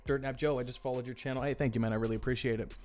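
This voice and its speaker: A man hosting a livestream, chatty and excitable, often repeating his phrases as he reads the chat. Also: mid-range voice, rapid-fire, faint music behind. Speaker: livestream host running a tournament draw. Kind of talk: live-stream commentary reading chat.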